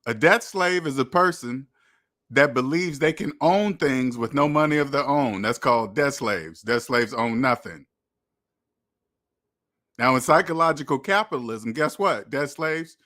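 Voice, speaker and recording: A man with a fairly high, bright voice delivers a motivational money monologue. He lectures his viewers in a preachy, repetitive way. Now and then he acts out imagined quotes. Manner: preachy, repetitive, addresses viewers as debt slaves. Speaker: money channel host.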